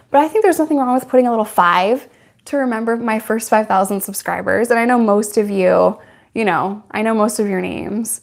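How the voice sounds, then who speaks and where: A woman's voice: mid-range voice, vocal fry. A young woman YouTuber answering viewer questions in a candid, chatty way, laughing often. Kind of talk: casual Q&A chat.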